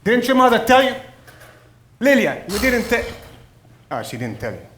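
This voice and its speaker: A man's voice: very high voice, sing-song, moderate pace, a bit bright, roomy sound, slight background noise, full character voice. A man playing a teasing, stubborn Italian immigrant father with an Italian accent, in stage play acting. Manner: teasing, exclaiming with Italian phrases.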